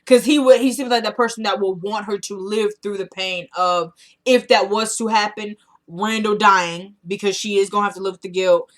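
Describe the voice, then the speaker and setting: A woman's voice: mid-range voice, moderate pace. Chatty woman recapping a TV episode. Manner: animated retelling, acting out characters' lines. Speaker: TV episode reviewer.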